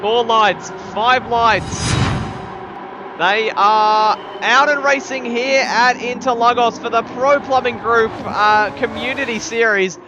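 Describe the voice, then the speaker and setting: A man commentating a sim race, calling the action play by play and building to excited shouts at big moments. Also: very high-pitched. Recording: slightly dull lo-fi mic with faint noise.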